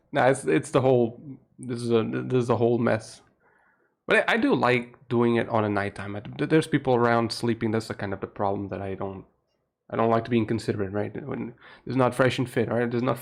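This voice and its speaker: Speaking with vocal fry, a young man from Portugal talks quietly on a nighttime live stream from his home room. His Portuguese accent comes through as he laughs a lot and swears without much thought.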